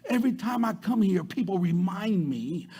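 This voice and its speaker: A man pastor preaching a sermon, repeating words and swinging from loud to soft. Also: high voice, animated, unhurried, breathy edge.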